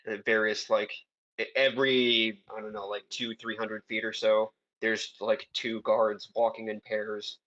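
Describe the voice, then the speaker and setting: A man's voice: fairly low pitch, flat delivery, unhurried, fairly bright tone, highs cut off. A man running a tabletop game as game master, describing scenes hesitantly with many fillers. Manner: hesitant, lots of um and like.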